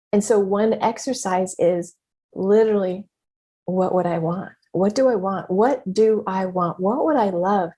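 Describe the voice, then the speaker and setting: A woman's voice: medium pitch, a little mellow, husky. A middle-aged woman hosting a podcast, talking candidly and expressively and swearing freely as she reflects. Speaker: podcast host and business mentor. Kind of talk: casual spoken reflection.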